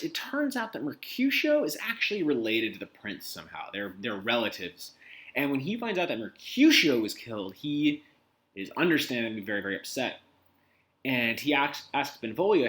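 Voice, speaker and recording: A man's voice: medium pitch, bright, forceful tone. A man teacher giving a casual spoken summary of a play, retelling the characters' lines in everyday modern talk. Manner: conversational, paraphrases characters in modern slang.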